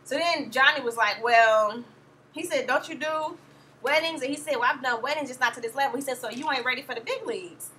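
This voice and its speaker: A woman's voice: sits high, fairly quick, bright, forceful tone, slight background noise. A young woman giving a sassy, blunt, profane vlog review of a reality show, sounding tired. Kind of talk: casual vlog commentary.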